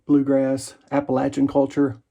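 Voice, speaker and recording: Monotone and moderately paced, this wet shaving channel host has a creaky, dark, mid-range voice. He rambles and jokes at his own expense while shaving in his home bathroom.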